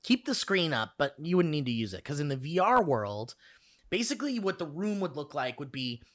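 A man's voice: a little high, very animated, brisk, a bit bright. A man chatting casually as a podcast co-host, rambling with lots of fillers. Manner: rambling, many "like" fillers, laughing often. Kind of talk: casual chat.

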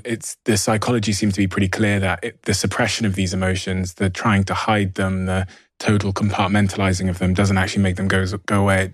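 A man reflecting in conversation on how men handle emotions, speaking in a measured, thoughtful way and pausing to find his words. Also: sits low, no echo.

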